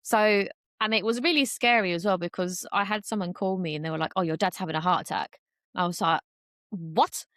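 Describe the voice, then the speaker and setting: A young woman talks in a chatty, open way as a guest on a podcast. Her voice sits a little low, and she leans on fillers and acts out the voices she quotes. The recording is close and dry. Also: quick pace, fairly bright tone, no room sound. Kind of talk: casual conversation.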